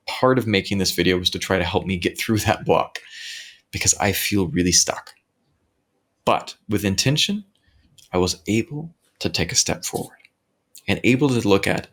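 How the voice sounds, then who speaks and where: Deep gravelly guy hosting his podcast, earnest, keeps restarting his sentences. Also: a bit bright. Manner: earnest, halting with repeated restarts. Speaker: podcast host. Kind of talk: reflective solo talk. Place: home recording setup.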